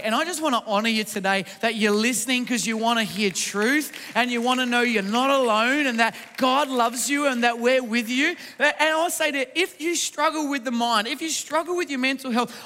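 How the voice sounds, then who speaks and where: A man's voice: very high-pitched, a little fast, few pauses, pushed and bright, long reverb tail. A man preaching a sermon in church, emphatic and repetitive, asking the congregation questions. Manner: emphatic, repeats phrases, asks the congregation questions. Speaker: pastor.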